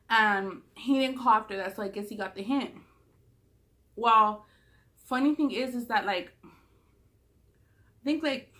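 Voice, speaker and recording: A young woman with a Southern California accent telling a story casually in a vlog, swearing a lot and acting out quotes in a higher voice. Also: sharp tone. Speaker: vlogger. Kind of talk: casual storytelling while eating.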